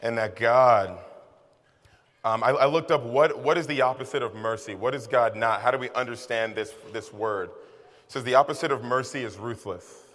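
Man, sermon, casual asides, self-deprecating, mid-pitched voice, long hall reverb. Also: normal speed, a bit bright. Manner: conversational and self-deprecating, with asides and repeated phrases. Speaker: pastor. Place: large hall with an audience.

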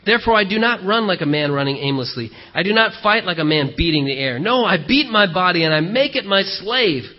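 A man preaching a sermon, telling a story in a lively, conversational way with frequent fillers. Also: high voice, fairly quick, lo-fi sound. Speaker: pastor.

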